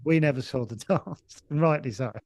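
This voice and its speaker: A man's voice: on the high side, normal speed, a little mellow, no echo. Man, middle-aged, rambling anecdote, dry recording. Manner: rambling storyteller with frequent restarts and laughs. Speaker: comedian guest. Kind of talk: casual anecdote.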